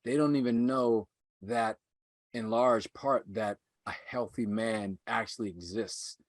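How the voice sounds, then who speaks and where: A man speaking as a podcast guest and coach, measured and earnest, repeating phrases for emphasis. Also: lowish voice, fairly even intonation, dry recording. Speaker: guest, men's self-mastery coach. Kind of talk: earnest conversational teaching.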